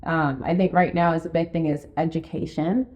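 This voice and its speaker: A woman co-hosting a podcast in casual chat, telling stories full of fillers and acting out her own quotes in a high voice. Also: steady tone, moderate pace, a little mellow. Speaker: podcast co-host, real estate marketing and sales director. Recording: dull lo-fi podcast recording.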